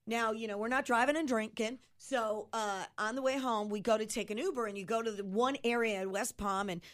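A woman from Ohio chatting on a radio talk show, her voice a little high. She tells stories with energy and acts out what each person said. It sounds like a relaxed conversation between co-hosts. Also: brisk. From Ohio, USA. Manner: animated, acts out quoted dialogue. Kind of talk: casual storytelling chat.

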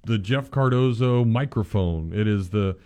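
Low-voiced man co-hosting sports radio. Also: warm tone. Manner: dry, quick comebacks. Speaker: co-host of a sports talk show. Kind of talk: casual sports radio chat.

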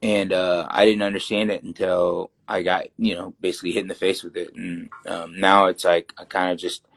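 A young man with a low voice speaks as an interview guest. He talks loosely and rambles, filling gaps with ums and you-knows. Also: little pitch movement, normal speed, creaky, a bit bright. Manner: loose, rambling, heavy fillers. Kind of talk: casual interview talk.

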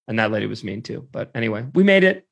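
A man's voice: fairly low pitch, very animated, quick pace, creaky, fairly bright tone. A man casually telling a story in a podcast chat, rambling and leaning heavily on "like". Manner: rambling, heavy use of "like".

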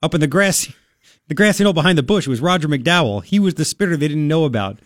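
Lively, animated male radio host. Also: fairly high pitch, quick pace, no room sound, clean studio sound. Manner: animated, laughing, mocking voices. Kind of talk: casual talk radio banter.

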